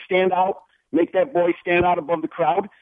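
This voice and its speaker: A male caller comes through a thin, tinny phone line, his voice a little high. He gives his advice with a playful, mock-serious tone. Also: flat delivery, moderate pace, no echo. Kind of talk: phone-in call.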